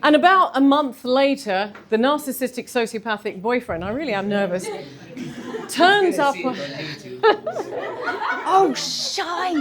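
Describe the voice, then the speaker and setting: A woman, telling a candid personal story in a talk, animated and self-deprecating. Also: on the high side, normal speed, a loud crowd. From London. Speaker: speaker giving a talk.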